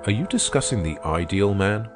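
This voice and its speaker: A confident man who argues gravely and matter-of-factly, as an audiobook reader voices him. His voice is low and deep, with faint music behind it. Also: lively intonation, normal speed, lightly acted. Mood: assured. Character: confident male socialist debater, calm and grave. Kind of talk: audiobook character voice.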